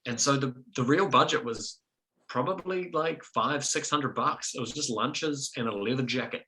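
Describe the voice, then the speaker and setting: Young New Zealand man, indie filmmaker guest, bright forward tone, rambly casual talk full of fillers. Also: medium pitch, normal speed, rough recording. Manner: chatty, self-deprecating, many fillers. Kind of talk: casual video-call discussion.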